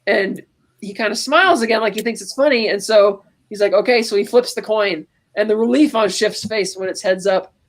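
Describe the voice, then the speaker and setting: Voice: medium pitch, brisk. A podcast co-host retelling a movie scene by scene in a casual, rambling way. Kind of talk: casual film recap.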